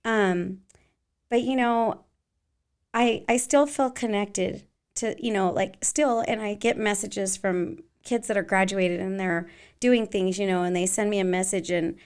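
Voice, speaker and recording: A woman in her forties talks about teaching dance in a loose, rambling way. She fills pauses with ums and you-knows. Her pitch sits in an ordinary middle range. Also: fairly even intonation, darkish tone, clear, resonant tone. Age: 40s. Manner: chatty, rambling, many fillers. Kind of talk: casual interview chat.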